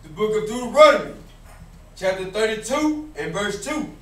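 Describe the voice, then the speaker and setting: A man's voice: high-pitched, expressive, normal speed. A man reading Bible verses aloud steadily for a class. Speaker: scripture reader in class. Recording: echoey room, mic far off.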